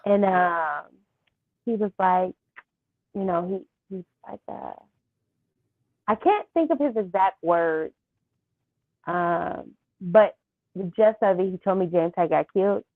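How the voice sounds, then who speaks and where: A young woman interviewed as a guest, telling a personal story softly and haltingly, with many fillers. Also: on the low side, expressive, no echo. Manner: soft-spoken, halting with fillers. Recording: thin phone-like line.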